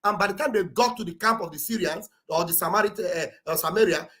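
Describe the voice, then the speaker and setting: Booming Nigerian man preaching on a livestream. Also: quick pace. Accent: Nigerian English with Pidgin. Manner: loud, preachy, shouting exhortations. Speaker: livestream commentator. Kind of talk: impassioned livestream address. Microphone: streaming setup mic.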